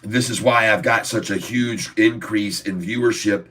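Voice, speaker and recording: Low-voiced, jokey male stream host. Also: fairly even intonation, unhurried, a bit bright, far from the mic. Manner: jokey, rambling, laughs often. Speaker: livestream host. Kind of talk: casual livestream chat. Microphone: phone.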